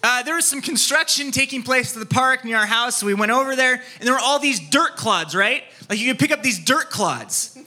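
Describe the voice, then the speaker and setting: Man, pastor, sermon, high voice, very bright tone, animated storytelling, wide swings in pitch. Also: a little fast. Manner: animated storytelling, acts out scenes, drops soft for key points.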